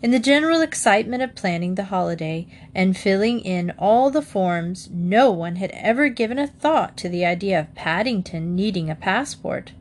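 A woman reading a children's story aloud as narrator. Her pace is measured and her delivery expressive, at a middle pitch. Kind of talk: audiobook narration.

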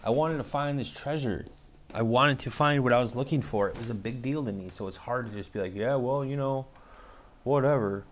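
A man's voice: medium pitch, a little fast, a bit bright, a little hiss or hum. A man casually telling a story to camera, rambling with lots of fillers and swearing.

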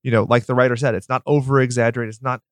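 A man co-hosting a podcast, chatting casually about a movie, excitable and quick to rant and swear. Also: mid-range voice, dry recording, clean studio sound. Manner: excitable, swears, gets loud when ranting. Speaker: podcast co-host.

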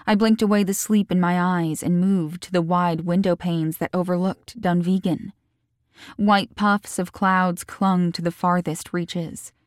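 A woman reading her own novel aloud in a calm, measured first-person audiobook narration. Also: fairly low pitch, dry recording, studio quality.

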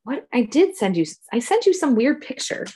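A woman's voice: fairly high pitch, sing-song, fairly quick, a little mellow, breathy edge. Chatty middle-aged woman. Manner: chatty, rambling storytelling. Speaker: podcast co-host, mother. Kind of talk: casual family chat.

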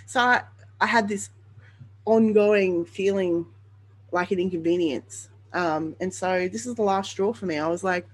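Woman telling her own story on her podcast, kinda low voice, lots of ums and restarts, really open about it. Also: measured pace, rough recording. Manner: earnest and open, with frequent ums and self-corrections. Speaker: podcast host sharing her birth story. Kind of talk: candid personal storytelling monologue.

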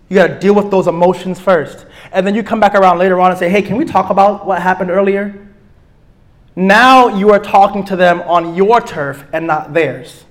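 Man, high voice, preachy teaching, emphatic, stretched-out repeated lines. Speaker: pastor teaching a relationship class. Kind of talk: sermon-style teaching.

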